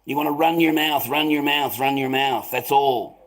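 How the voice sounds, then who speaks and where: A man's voice: mid-range voice, moderate pace. A middle-aged man, ranting aggressively and swearing repeatedly on a live stream. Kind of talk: confrontational live stream rant.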